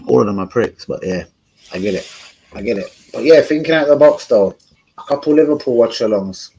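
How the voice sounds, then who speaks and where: A man's voice: medium pitch, lively intonation, brisk, dark tone, breathy edge, low-quality recording. A man, hosting a casual live stream and chatting with viewers in a laid-back, slangy way, swearing often. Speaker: streamer and channel host.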